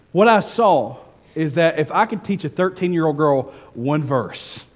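A man preaching a sermon as senior pastor, telling stories and swinging from hushed asides to fervent, raised delivery. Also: a little high, big-room sound.

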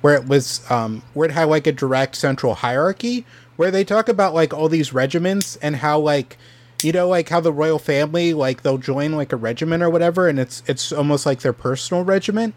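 Casual male podcast host, slightly higher pitch, rambling history talk with lots of fillers. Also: a little fast. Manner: rambling, many fillers and restarts.

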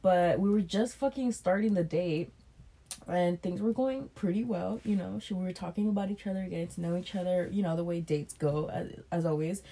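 A woman's voice: on the low side, brisk, slightly rough. A woman co-hosting a podcast, casually telling a story about a bad date, swearing freely and acting out both sides of the conversation. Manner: profane, animated retelling with quoted dialogue. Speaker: podcast co-host.

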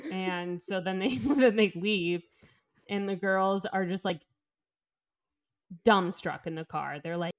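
A woman co-hosting a casual book podcast, retelling the chapters with lively acted-out quotes from the characters. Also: mid-range voice, measured pace, clear, resonant tone. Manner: animated retelling, acts out characters' lines. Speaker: podcast co-host.

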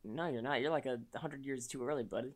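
A man's voice: mid-range voice, fast talker. A young man co-hosting a casual chat, wry and teasing, who sometimes explains things at length. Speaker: podcast co-host.

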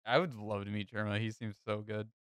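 A man's voice: lowish voice, fairly even intonation, a little fast, fairly bright tone, clean tone, dry recording. Young man rambling through a story. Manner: rambling storyteller, many fillers. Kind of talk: casual chat.

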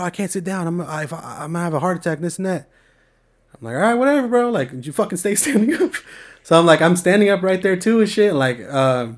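Young man swearing through a laid-back slangy story. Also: on the high side. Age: young adult. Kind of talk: casual storytelling chat.

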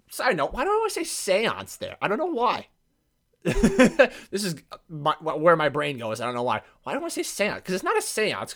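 A man's voice: fairly high pitch, fairly bright tone. Brash, profane man hosting a solo podcast. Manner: brash and profane, rambling with asides. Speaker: podcast host. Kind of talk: casual solo podcast monologue.

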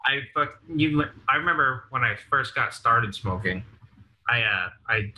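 Young male podcaster, bright edgy voice, swears and laughs through his stories. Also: mid-range voice, a little hiss or hum, poor audio. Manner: crude, laughing, animated storyteller. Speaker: podcast co-host. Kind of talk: casual storytelling chat.

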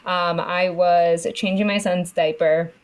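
A woman's voice: on the low side, slow pace. A young woman co-hosting a podcast, telling everyday stories animatedly and often laughing as she talks. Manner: animated storytelling, laughs through it. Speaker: podcast co-host. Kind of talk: casual chat.

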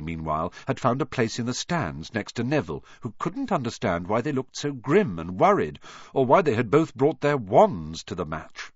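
A man reading a storybook aloud as narrator, in an expressive, animated way. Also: on the low side, moderate pace, no room sound, highs cut off. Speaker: audiobook reader.

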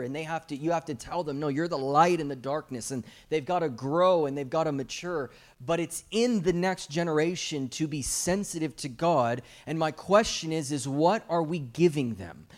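A man's voice: fairly high pitch, normal speed, few pauses. A young adult man preaching a guest sermon at a church service, telling stories with light jokes. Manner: animated storytelling with jokes.

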